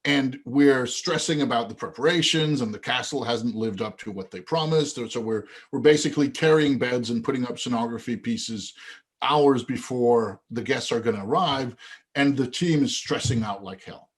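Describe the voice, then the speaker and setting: A man being interviewed on a podcast, his voice sitting at an ordinary middle pitch. He tells a long anecdote with animation, slipping into the voices of the people in it. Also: normal speed. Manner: animated storyteller who acts out quoted dialogue. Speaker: guest, event organizer.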